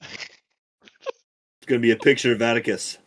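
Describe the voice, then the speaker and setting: A man's voice: mid-range voice, steady tone, a little slow, slight background noise. A man playing a tabletop role-playing game, chatting casually with crude, joking banter.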